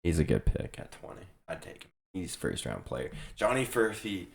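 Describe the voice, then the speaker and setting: Young male vlogger, deep and gravelly, voice fading and hoarse, rambling casual sports reaction. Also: sing-song, normal speed, few pauses. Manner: rambling, restarts often, loose and offhand. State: losing his voice. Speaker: sports video host. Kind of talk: casual draft reaction commentary.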